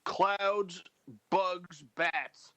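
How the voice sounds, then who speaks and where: A man's voice: high voice, fairly even intonation, drawn-out words, fairly bright tone, dry recording. A man co-hosting a live radio stream, joking through a quiz game. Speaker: co-host.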